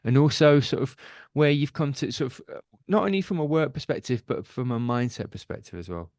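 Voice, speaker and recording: A man's voice: mid-range voice, expressive, fairly quick, darkish tone, dry recording, clean studio sound. A man hosting a podcast interview, agreeable and stammering a little with repeated words as he frames his questions. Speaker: podcast host. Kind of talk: interview chat.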